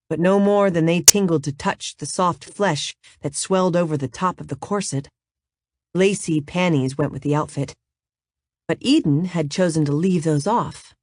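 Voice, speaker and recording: A woman narrating a romance audiobook in a steady, even way. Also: sits low, no room sound, studio quality.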